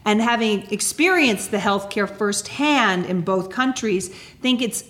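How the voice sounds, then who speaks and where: A woman co-hosting a podcast, asking questions and bantering in an animated, teasing way. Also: medium pitch, measured pace. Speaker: podcast co-host. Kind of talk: casual chat.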